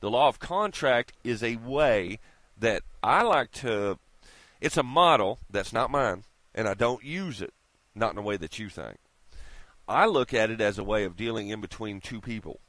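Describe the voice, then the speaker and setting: Man, swearing rant to camera, pitch jumps all over, very dry sound. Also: expressive, normal speed, a bit bright, dry recording. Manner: heated, swears constantly, preachy asides to viewers. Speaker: vlogger. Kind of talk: profane ranting monologue.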